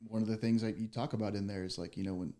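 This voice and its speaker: A man hosting a casual interview, relaxed and rambling, with a chuckle now and then. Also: lowish voice, very fast. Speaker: podcast host.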